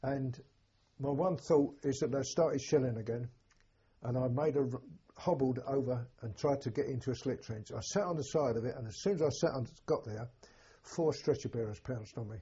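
Husky older man recalling war memories. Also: medium pitch, warm tone, lo-fi sound. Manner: halting, plain-spoken storytelling with many restarts. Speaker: war veteran recounting memories. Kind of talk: oral history testimony.

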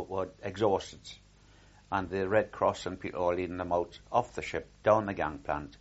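A man's voice: sits low, slightly rough, lo-fi sound. An older man recalling his war service in a rambling oral history, with frequent restarts and repeated words.

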